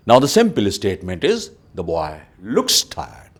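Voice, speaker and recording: A man teaching a grammar lesson. He explains slowly, reads example sentences aloud and often says "you know". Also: lowish voice, huge pitch swings, slightly rough. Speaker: English teacher.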